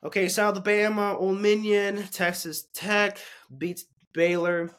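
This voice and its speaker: Young guy doing a sports recap, swears a lot, goes from heated to flat mutters, kinda high voice. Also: unhurried. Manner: ranting, profane, swings from heated to deflated mutters. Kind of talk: casual sports recap monologue.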